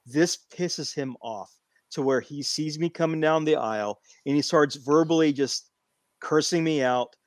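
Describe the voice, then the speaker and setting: A man in casual chat, animated and repeating phrases as he tells a long story. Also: fairly high pitch, unhurried, dry recording. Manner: animated, repeats himself while telling a story.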